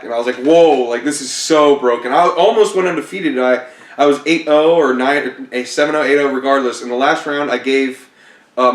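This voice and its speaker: A man casually telling stories about his card game tournaments, laid-back and self-deprecating, laughing often. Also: mid-range voice. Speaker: competitive card game player. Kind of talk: casual storytelling interview. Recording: roomy echo, mic at a distance.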